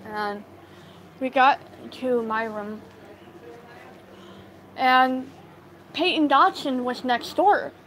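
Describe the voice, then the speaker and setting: A woman with a high voice tells a story to live viewers into her phone, taking her time. She talks in a halting way, full of fillers and restarts. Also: a bit bright, slight background noise, rough recording. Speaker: livestream storyteller.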